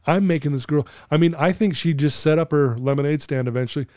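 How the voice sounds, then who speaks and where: A man's voice: fairly high pitch, fast talker, a little mellow, no room sound, studio quality. A man in his fifties, a recovery coach, telling a personal story as a podcast guest in an earnest, emotional way, laughing easily.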